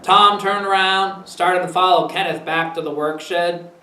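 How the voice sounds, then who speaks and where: A man's voice: high voice, fairly even intonation, a little slow, sharp tone, roomy sound, recorded from a distance, slight background noise, poor audio. A man with a Maine accent reading his humor book aloud in an easygoing, folksy way. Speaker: storyteller.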